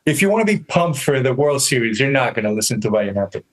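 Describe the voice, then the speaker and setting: A man co-hosting a podcast, easygoing and riffing in a deadpan way. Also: medium pitch, fast. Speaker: podcast co-host. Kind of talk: casual comedic podcast chat.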